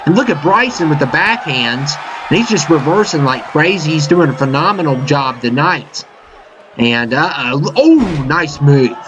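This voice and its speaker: A man doing casual, excitable play-by-play commentary over a wrestling video game, full of fillers and "uh-oh" exclamations. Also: on the high side, measured pace. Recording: dull lo-fi mic with game crowd and noise behind. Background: video game arena crowd noise.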